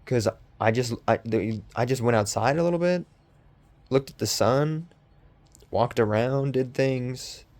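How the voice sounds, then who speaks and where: In an unhurried, mid-range voice with a touch of mellowness, a young guy hosts a podcast. His sarcastic delivery wanders casually, packed with ums and restarts.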